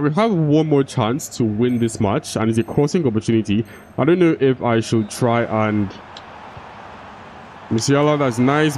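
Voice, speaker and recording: A man's voice: mid-range voice, a little mellow, a little hiss or hum. A young man giving casual gameplay commentary, often frustrated, swearing and restarting his sentences. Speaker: gaming YouTuber.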